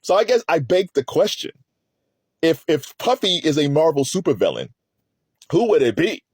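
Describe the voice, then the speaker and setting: Rambling, laughing man, lively pitch. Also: normal speed, husky, dry recording, studio quality. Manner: rambling, laughs often, frequent restarts. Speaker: commentator on a court trial. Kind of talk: casual commentary.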